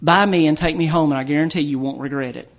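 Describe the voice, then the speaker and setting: A wheedling male frog in a joke, coaxing and promising, told by a man. The voice stays fairly high and light for a man. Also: fast talker, gravelly. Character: coaxing talking pet-store frog, male.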